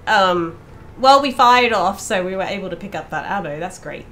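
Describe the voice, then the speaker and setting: A woman gives loose, sweary commentary while playing a horror game at home, her voice bright and lively. A faint ambience sits behind her. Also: medium pitch, moderate pace, a little hiss or hum. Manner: swears freely, talks to herself, screams when startled. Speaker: let's play streamer. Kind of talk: casual gameplay commentary.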